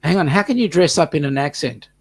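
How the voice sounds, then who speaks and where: Halting, joking New man. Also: fairly high pitch, expressive, husky, no echo. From New Zealand. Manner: joking, halting, full of ums. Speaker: co-host. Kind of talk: casual chat on a live show.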